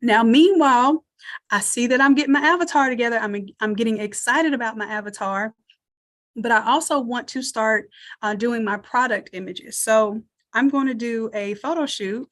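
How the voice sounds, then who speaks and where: Her voice a little high and her pace normal, a woman teaches design live online by sharing her screen. She chats and thinks aloud as she handles each step in turn.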